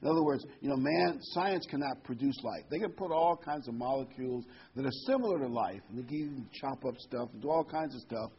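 A man's voice: medium pitch, a little fast, hardly any pauses, breathy edge, muffled recording. A man preaching a sermon verse by verse in a folksy, conversational way.

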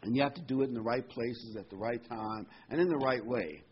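A man's voice: mid-range voice, brisk, breathy edge. A man delivering a sermon in a conversational way, with fillers and emphatic repetition. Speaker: preacher. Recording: dull lo-fi sound with faint noise.

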